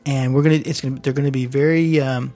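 A man's voice: mid-range voice, steady tone, fast talker, darkish tone. A man hosting a podcast in a loose, rambling and jokey casual chat. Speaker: podcast host.

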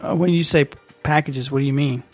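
A man's voice: a little high, fairly even intonation, fast, soft background music. A man co-hosting a radio show, bantering casually and teasingly with his wife. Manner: teasing, jokey.

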